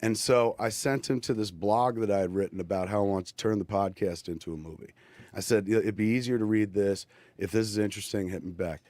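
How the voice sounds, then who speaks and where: A man on a podcast telling an animated, profane anecdote and acting out voices in it. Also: on the low side, a little fast, no room sound. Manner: excitable, profane, acts out voices in his stories. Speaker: filmmaker telling a story on a podcast.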